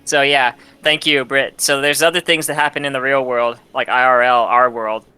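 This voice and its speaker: Rambling, foul-mouthed bright-voiced man. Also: medium pitch, flat delivery, moderate pace, smooth, no room sound, faint music behind. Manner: rambling, profane, laughing often. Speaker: host retelling a game's plot. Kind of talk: casual drunk chat.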